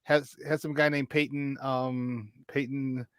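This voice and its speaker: A man hosting a casual sports talk show, telling stories in an excitable, animated way. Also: mid-range voice, unhurried, clean tone, no echo. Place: remote virtual studio.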